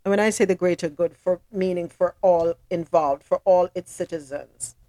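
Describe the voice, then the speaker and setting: A woman co-hosting a podcast, asking measured questions in a casual discussion. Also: fairly low pitch, dark tone, dry recording. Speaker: podcast co-host.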